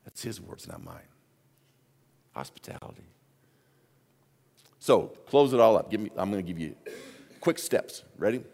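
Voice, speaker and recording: A male pastor delivering a sermon, his low voice swooping widely in pitch. He tells stories with animated delivery, dropping to hushed asides and rising to loud exclamations. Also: unhurried, long pauses.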